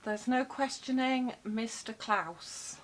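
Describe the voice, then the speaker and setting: A woman's voice: fairly high pitch, slow pace, rough recording. A woman vlogging from home, chatting casually with many fillers and wry asides into a desk microphone. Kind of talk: casual rambling talk to camera. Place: home room with cats about.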